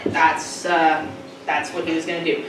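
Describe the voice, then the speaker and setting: A woman's voice: low-pitched, flat delivery, normal speed, a bit bright, recorded from a distance, slight background noise. A young woman performing a stand-up comedy set, chatty and self-mocking, rambling through asides. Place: comedy club stage. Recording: echoey club, mic from afar.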